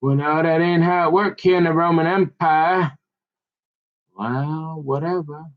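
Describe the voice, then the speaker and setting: Man, folksy drawl, rambling comic monologue, a bit high-pitched, muffled lo-fi recording. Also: fairly even intonation, unhurried. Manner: folksy drawl, slips into quoted voices. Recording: dull lo-fi recording.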